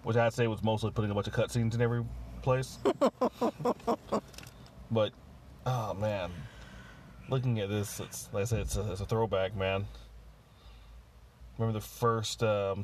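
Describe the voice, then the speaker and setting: A man's voice: on the low side, fairly even intonation, moderate pace, pauses often, a little hiss or hum. A man co-hosting a casual podcast, rambling with many fillers and restarts as he chats. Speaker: podcast co-host. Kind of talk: casual chat.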